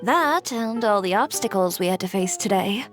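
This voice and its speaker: A woman's voice: mid-range voice, animated, normal speed, music in the background, lightly acted. A woman voicing a cool, reserved young shop owner in a video game who speaks tersely. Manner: terse and guarded.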